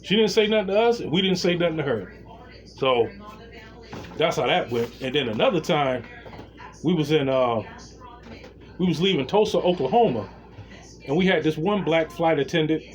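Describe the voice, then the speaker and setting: A man telling a story in a casual rant, blunt and slangy, with lively retellings. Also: a little high, normal speed, pauses often.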